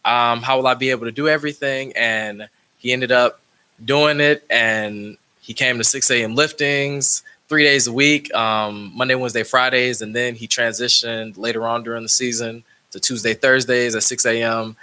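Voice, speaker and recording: A man's voice: mid-range voice, fairly even intonation, moderate pace, pushed and bright, smooth. A man, a track coach, speaking at a school board meeting and telling a story about an athlete, with frequent restarts and acted-out dialogue. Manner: storytelling, many restarts, acts out quoted dialogue. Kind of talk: speech at a public meeting.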